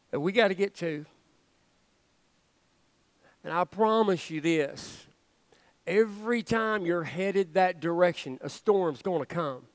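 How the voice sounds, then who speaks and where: A man's voice: high-pitched, no room sound, big-room sound. A male pastor preaching a sermon in a church, earnest and conversational, with playful asides. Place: church sanctuary.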